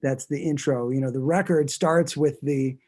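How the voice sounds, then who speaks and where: A man's voice: mid-range voice, fairly even intonation, normal speed, a little mellow. A man who is a guest musician, chatting casually in an interview and talking in a rambling way, with many restarts.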